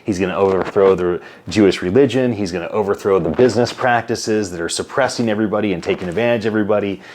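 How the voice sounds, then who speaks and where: Deep-voiced man telling stories. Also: fast, slight background noise. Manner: animated storyteller, acts out quotes, many "like" and "right?" tags. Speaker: interview guest, company CEO. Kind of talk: casual interview storytelling.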